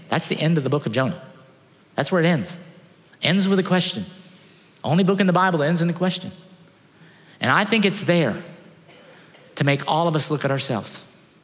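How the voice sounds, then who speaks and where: Male pastor, high voice, bright forceful tone, long hall reverb, sermon. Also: expressive, moderate pace, pauses often. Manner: emphatic storytelling, rhetorical questions.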